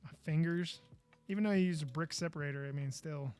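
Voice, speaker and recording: The man here has a voice on the high side with a darkish tone, speaking briskly over soft background music. Hosting a live podcast, he keeps up goofy, casual live-stream chatter while building and exclaims in frustration now and then.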